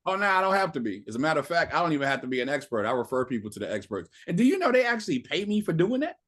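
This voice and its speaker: A man's voice: a little high, big pitch swings, rapid-fire, a bit bright. A middle-aged man leading a sales training session over a video call, emphatic and coaching, drilling his listeners with call-and-response lines. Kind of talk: motivational training talk.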